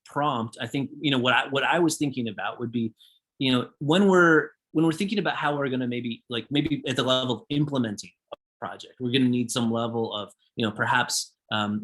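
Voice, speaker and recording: A man's voice: mid-range voice, fairly bright tone. Hesitant man leading an online workshop. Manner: loose, hesitant, many restarts and fillers. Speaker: workshop leader and book author. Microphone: video call.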